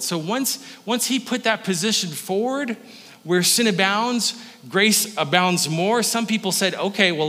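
A pastor with a high voice delivers a conversational sermon in a church sanctuary. His voice is bright and forward. He often restarts his sentences. A long hall reverb trails each phrase. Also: a little slow. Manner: casual teaching tone with frequent restarts.

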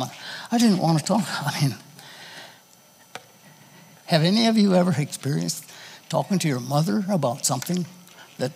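A man preaching a sermon in a folksy, halting, conversational way, telling personal stories to his congregation. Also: fairly high pitch, animated, creaky, a little mellow, long reverb tail, a little hiss or hum.

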